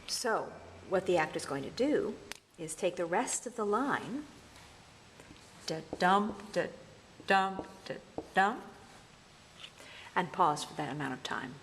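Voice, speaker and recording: A woman's voice: on the low side, very animated, a little hiss or hum. Woman lecturing on verse, echoey room. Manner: explanatory, reads quoted verse slowly and deliberately. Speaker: literature lecturer.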